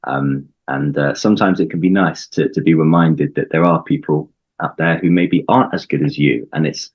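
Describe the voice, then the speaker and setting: A man from the UK, an English coach, explaining things in a measured way in a conversational interview, with frequent ums and restarts. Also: very deep voice, fairly even intonation, slightly rough, muffled recording.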